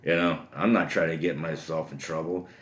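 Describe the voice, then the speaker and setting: A man's voice: extremely low pitch, steady tone, fairly quick. A middle-aged man, telling an old story in a casual, rambling way, full of "you know.". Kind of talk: casual spoken anecdote. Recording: roomy echo.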